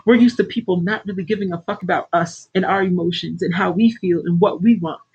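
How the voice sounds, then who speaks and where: A woman's voice: lowish voice, brisk, a little mellow, husky, muffled recording. A middle-aged woman coaching her livestream viewers, blunt, preachy and full of swearing. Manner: blunt, heavily profane, preachy. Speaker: life coach hosting a livestream. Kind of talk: casual livestream pep talk.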